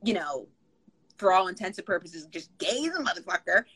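On a roughly recorded podcast, a young female co-host rambles through a long story, saying "like" constantly and swearing freely. Her voice is fairly low, husky, and fairly bright, with lively intonation and a slightly fast pace.

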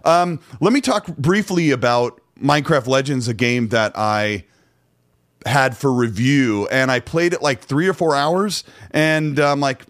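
A man's voice: medium pitch, measured pace, fairly bright tone. A man hosting a podcast in casual chat, laid-back and rambling, with plenty of filler words. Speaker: podcast host.

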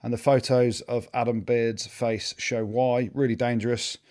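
A man's voice: mid-range voice, flat delivery, darkish tone. A man co-hosting a rugby podcast, bantering through the week's results in casual chat. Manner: brisk, jokey, banter. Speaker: podcast co-host.

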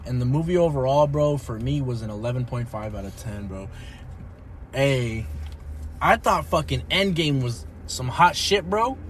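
A young man co-hosting a podcast, chatting casually and excitedly, with profanity and constant "bro". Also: medium pitch, normal speed. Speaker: podcast co-host. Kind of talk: casual chat. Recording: faint background noise.

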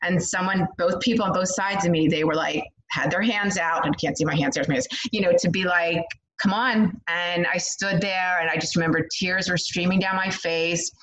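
Candid middle-aged woman, low voice. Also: fairly quick, few pauses. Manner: candid, animated, frequent fillers like "um" and "like". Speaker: podcast guest, author. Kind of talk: conversational storytelling. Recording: dull lo-fi sound.

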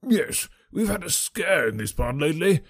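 A man voicing a bluff old retired colonel in an audiobook, brisk and matter-of-fact. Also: a little high, very animated, breathy edge, no echo, studio quality, voice pushed up. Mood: chatty. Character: bluff old retired army colonel, hearty country gent. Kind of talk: audiobook character reading.

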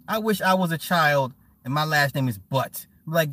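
A man hosting a casual livestream, reading chat aloud and riffing with loud laughs, mockery and swearing. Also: sits high, quick pace, few pauses. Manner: animated, laughing, mocking, swearing.

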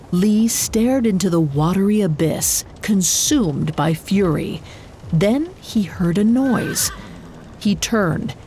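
A woman hosting a podcast, narrating a dramatic story in a measured, scripted way. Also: on the low side, creaky, darkish tone, slight background noise.

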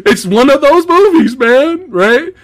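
A male podcast host chatting casually about a movie, animated, swearing freely, laughing often and acting out movie lines. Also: very high voice, a little slow. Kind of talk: casual movie review chat.

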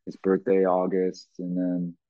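A middle-aged man being interviewed, telling a personal story bluntly and profanely, with halting restarts. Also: low voice, monotone, no echo. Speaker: guest. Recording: tinny phone-like line, dry.

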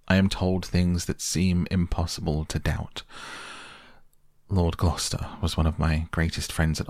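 A man's voice: very deep voice, a little mellow, no room sound, studio quality. A man reading a bedtime audiobook, voicing an earnest middle-aged male painter who pleads with and reproaches a friend. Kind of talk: softly read bedtime audiobook.

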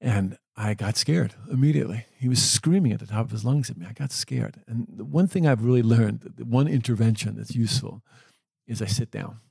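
A man who works with the dying, telling a story in a gentle, earnest way. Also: mid-range voice, fairly quick, gravelly, slightly rough, no room sound. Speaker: end-of-life caregiver. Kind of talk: reflective storytelling.

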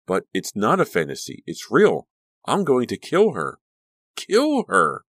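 A man's voice: deep voice, sing-song, fairly quick, fairly bright tone, no room sound, studio quality. A man voicing a fierce, frightened teenage girl in an audiobook, with a breathless, agitated delivery. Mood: panicked.

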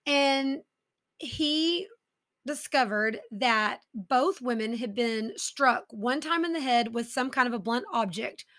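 A woman hosts a true-crime podcast, telling the story casually. She drops in personal asides. Her voice is bright and crisp. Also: a little high, expressive, takes it slowly, no room sound, studio quality. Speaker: podcast host.

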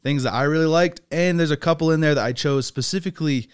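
Smooth and on the high side, this young man's voice races along as he chats casually as a podcast guest. Raised in England, he speaks with an American accent, laughing often and telling stories with plenty of animation.

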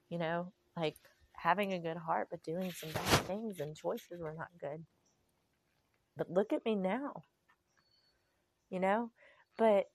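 A middle-aged woman vlogger with a lowish voice shares an emotional personal testimony. She speaks slowly and from the heart, with faith-filled sighs and pauses, and there's no echo.

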